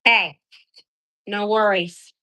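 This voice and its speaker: A woman's voice: medium pitch, fairly even intonation, very slow, pushed and bright. A woman hosting a casual live stream, chatting and rambling through stories as she shows her gear.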